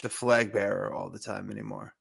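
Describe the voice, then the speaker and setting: A man's voice: fairly low pitch, little pitch movement, brisk, gravelly, fairly bright tone, breathy edge. A man co-hosting a podcast, chatting casually about a TV show in a laid-back way with frequent laughs. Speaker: podcast co-host. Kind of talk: casual TV recap chat.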